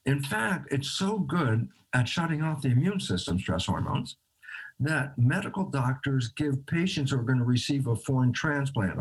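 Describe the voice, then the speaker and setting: A man's voice: fairly high pitch, breathy edge. A man, a guest scientist in a conversational interview, explaining by acting out both sides of a dialogue and chuckling between phrases.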